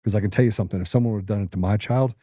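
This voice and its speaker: A man's voice: on the low side, rapid-fire, dark tone, slightly rough, no room sound, studio quality. A middle-aged man hosting political commentary, blunt, combative and emphatic. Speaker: host.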